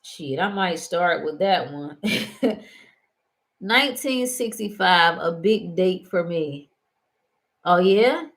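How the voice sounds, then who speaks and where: A woman hosting a casual talk show, animated and prone to laughing and wandering into stories. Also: fairly low pitch, takes it slowly, long pauses. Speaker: host. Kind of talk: casual chat.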